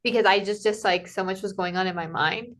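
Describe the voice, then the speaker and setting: Woman, mid pitch, casual podcast storyteller, acts out quotes, talks loosely with lots of fillers. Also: fairly quick, noisy background. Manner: animated, acts out quoted dialogue, many "like" fillers. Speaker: podcast guest, Camino pilgrim.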